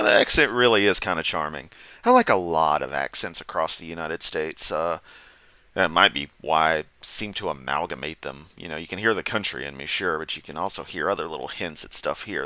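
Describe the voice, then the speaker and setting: A man's voice: deep voice, big pitch swings, a little fast, pushed and bright, no echo. A man doing casual reaction commentary, rambling off on tangents and laughing at his own jokes, sounding sleepy. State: sleepy, yawning.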